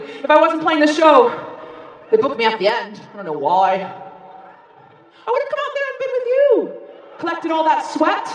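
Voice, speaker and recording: American woman bantering with a concert crowd. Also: high voice. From United States. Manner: playful, shouting out to the crowd. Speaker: singer on stage. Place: large live concert venue. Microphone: stage mic through the PA. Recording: echoey live concert audio from far off. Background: loud cheering crowd.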